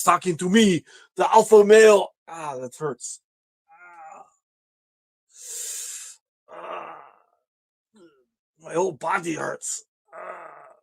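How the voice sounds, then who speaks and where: A grandiose, self-pitying drifter who keeps calling himself the alpha male, as a man puts him on. The voice sits higher than most men's, and he boasts and whines by turns in a comedic character monologue. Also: fairly bright tone. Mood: indignant. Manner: boastful, grandiose, whiny complaints.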